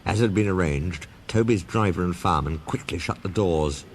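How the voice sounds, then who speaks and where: A man narrating a children's railway story in a storybook reading style, over steady background noise. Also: sits low, normal speed.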